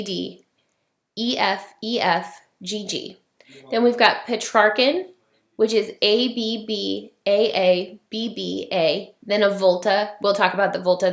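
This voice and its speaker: A woman teaching an online class, explaining at an easy pace with plenty of fillers along the way. Her mid-range voice has a gravelly edge. The sound bounces around an echoey room. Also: mid-range voice. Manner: casual, explanatory, many fillers.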